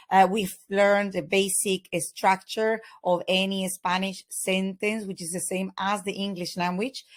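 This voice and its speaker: A woman teaching a Spanish lesson in English, explaining grammar in a patient, methodical way with frequent fillers. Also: medium pitch.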